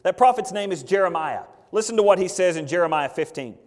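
Man preaching, fervent, folksy, slightly high voice, long hall reverb. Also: lively intonation, fast, few pauses. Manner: fervent, swings between loud outbursts and low asides; folksy, plain-spoken. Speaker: pastor. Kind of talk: sermon.

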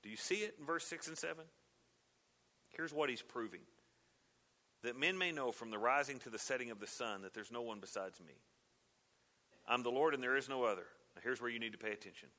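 A male pastor preaching a sermon, dropping to hushed asides and rising to loud, insistent emphasis. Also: mid-range voice, brisk, long pauses.

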